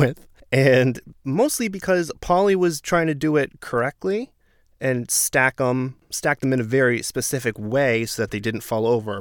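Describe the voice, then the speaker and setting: In a mid-range voice recorded dry with studio quality, a man gives a casual, sarcastic recap of a reality show. He sometimes sounds exasperated and breaks into animated outbursts.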